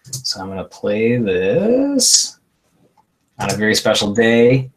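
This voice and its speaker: A man's voice: lowish voice, wildly swooping pitch, slow pace. A man co-hosting a casual live stream, chatting and reading out viewer comments. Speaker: co-host.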